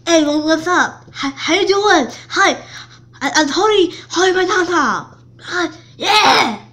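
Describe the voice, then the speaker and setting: A woman imitating a teenage schoolboy with a stumbling, loud way of greeting people. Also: very high voice, lively intonation, a little slow, voice pushed up, heavily acted. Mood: eager. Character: awkward teenage schoolboy, eager and excitable.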